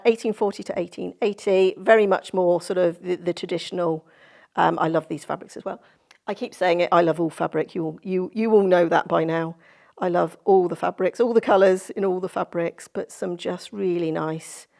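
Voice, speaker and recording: A woman's voice: fairly low pitch, fairly even intonation, fairly quick, gravelly, darkish tone. A woman presenting a quilting tutorial in a sewing studio, chatty and effusive as she gushes over fabrics. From Cornwall, England. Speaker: sewing instructor.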